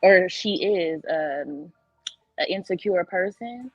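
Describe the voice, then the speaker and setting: A woman's voice: lowish voice, animated, slow, dry recording, lo-fi sound, soft background music. A woman hosting a casual talk stream, speaking thoughtfully with many hedges. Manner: thoughtful, hedging. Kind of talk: casual chat.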